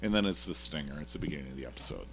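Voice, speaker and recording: A man's voice: a bass voice, lively intonation, very fast, gravelly, fairly bright tone, a little hiss or hum. A man co-hosting a casual podcast, retelling a TV episode in a rambling, jokey way with lots of fillers. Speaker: podcast co-host recapping a TV episode. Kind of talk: casual chat.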